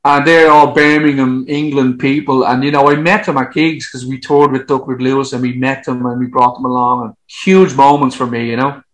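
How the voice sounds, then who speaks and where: A man being interviewed about his music career, telling long stories in a lively way, laughing and swearing as he goes. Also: medium pitch, moderate pace, hardly any pauses, low-quality recording. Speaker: musician guest. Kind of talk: casual anecdotal storytelling.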